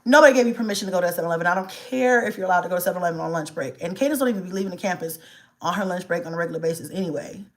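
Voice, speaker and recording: A woman, casually telling a storytime vlog about her child. She talks in an animated, exasperated way, swears freely and acts out the dialogue. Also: lowish voice, very fast. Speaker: vlogger, mother.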